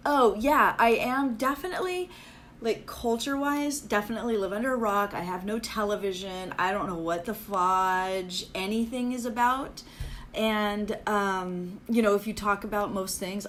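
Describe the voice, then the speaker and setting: A woman's voice: a little high, a little hiss or hum. A woman hosting a casual live chat with viewers, rambling and self-deprecating, with a Valley-girl way of talking full of "like" fillers. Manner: self-deprecating, chatty and upbeat. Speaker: livestream host.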